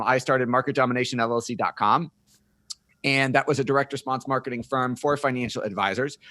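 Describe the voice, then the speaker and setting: A man's voice: medium pitch, fairly bright tone, no echo. A middle-aged man, a podcast guest, telling his life story in an upbeat, joking interview style. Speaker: podcast guest, marketing firm founder.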